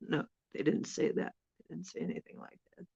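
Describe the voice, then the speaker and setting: A woman's voice: fairly low pitch, steady tone, a little fast, vocal fry, warm tone, slightly rough, lo-fi sound. A woman hosting a casual live chat with viewers, rambling and chuckling as she teases them. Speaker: host.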